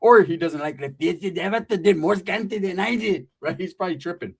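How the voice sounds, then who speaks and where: A man's voice: sits high, a little fast, husky. A middle-aged man telling a comic story in a swaggering, slangy, profane way. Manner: swaggering, slangy, swears constantly. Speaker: stand-up comedian.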